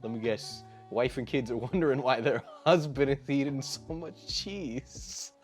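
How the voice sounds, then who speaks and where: A man's voice: mid-range voice, unhurried, soft background music. A young man giving comedic reaction commentary in an exasperated, sarcastic, ranting manner. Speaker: YouTube commentator.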